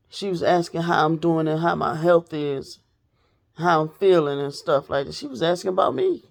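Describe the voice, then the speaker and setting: A woman's voice: deep voice, moderate pace, gravelly. A woman telling a personal story straight to her viewers in a casual, blunt, profane way. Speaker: storytelling vlogger.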